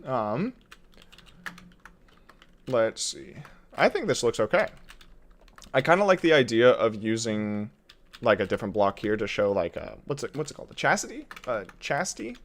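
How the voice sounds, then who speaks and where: A man's voice: medium pitch, very animated, moderate pace, long pauses. A man streaming a building game from his desk at home, thinking aloud in casual commentary, reading chat and chuckling often.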